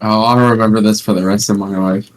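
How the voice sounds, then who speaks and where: A teenage podcast host at home, chatting casually and rambling through stories with playful sarcasm. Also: male voice, on the low side, fairly even intonation, fast. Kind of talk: casual chat.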